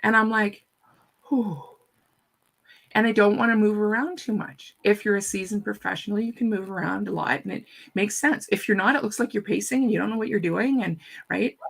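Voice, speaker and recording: A woman telling a story in an animated, casual chat, often repeating her first words. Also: mid-range voice, a little fast, vocal fry, hardly any pauses. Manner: animated, repeats words when starting sentences. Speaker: guest speaker.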